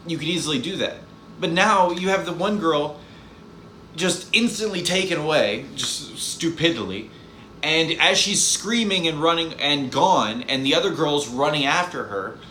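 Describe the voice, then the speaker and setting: A man's voice: fairly high pitch, lively intonation, unhurried, sharp tone. A man ranting casually in a movie review vlog, exasperated and rambling, often repeating his words. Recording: echoey room, faint background hiss.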